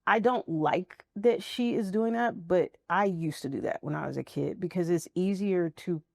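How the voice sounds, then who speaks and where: A woman's voice: fairly low pitch, normal speed, gravelly, no room sound, studio quality. A woman guest in a candid interview, talking frankly and reflectively about motherhood and friendship.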